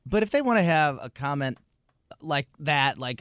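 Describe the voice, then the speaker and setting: A man's voice: on the high side, animated, normal speed, a bit bright, clear, resonant tone, no echo, studio quality. A man chatting casually as a co-host, easygoing and wry. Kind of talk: casual chat.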